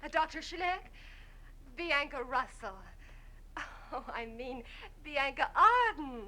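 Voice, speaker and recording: A woman's voice: sits high, animated, slow pace, pushed and bright. A woman playing a newlywed wife in a 1960s film comedy, breezy, affectionate and coy.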